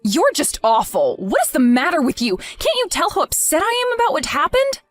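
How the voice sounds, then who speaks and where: A woman playing a young wife in a dramatized text-message story, emotional and pleading, with halting restarts. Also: sits high, huge pitch swings, dry recording, faint music behind. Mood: indignant. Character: young wife grieving, hurt and indignant.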